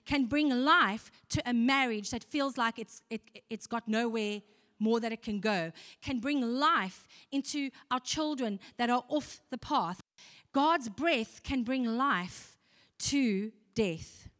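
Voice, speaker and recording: A woman's voice: on the high side, takes it slowly, fairly bright tone. A woman preaching a sermon, earnest and conversational, asking the congregation questions. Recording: long hall reverb.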